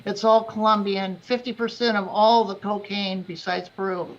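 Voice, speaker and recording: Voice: medium pitch, little pitch movement, moderate pace. A speaker teasing others in casual banter on a stream. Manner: teasing, laughing. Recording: dull lo-fi sound with faint noise.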